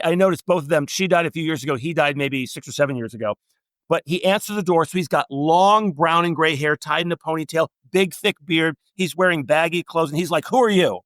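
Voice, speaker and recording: A middle-aged man, a travel writer guest, telling long anecdotes and quoting people in animated storytelling. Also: a little high, no echo. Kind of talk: storytelling interview.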